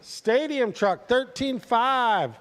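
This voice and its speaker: A man calls a live radio-control car race in a high voice. He talks at an easy, unhurried pace, chatting casually with the drivers and calling out their positions. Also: expressive, fairly bright tone, smooth, long reverb tail. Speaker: race announcer.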